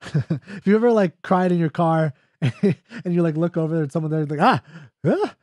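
A man's voice: a little high, normal speed, dark tone, dry recording, studio quality. A man explaining a poem in a casual lecture, loose and jokey, checking in with "right?" as he goes. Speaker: literature teacher.

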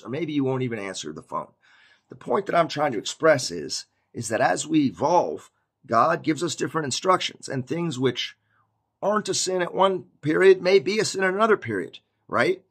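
Male preacher, casual sermon, gravelly and slightly husky, fairly high voice, animated delivery. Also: brisk. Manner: conversational, animated, acts out shouted scenes.

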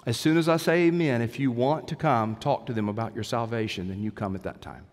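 A male pastor preaching a sermon earnestly, moving between urgent appeals and quiet prayer, recorded on a microphone in a church sanctuary. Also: mid-range voice, fairly quick, hardly any pauses. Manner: earnest, rising to urgent pleas, then hushed prayer. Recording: long church hall reverb.

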